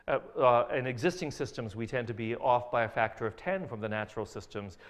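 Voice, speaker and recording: A man giving an academic science lecture over slides, hesitant with many fillers and restarts, with dry jokes. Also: mid-range voice.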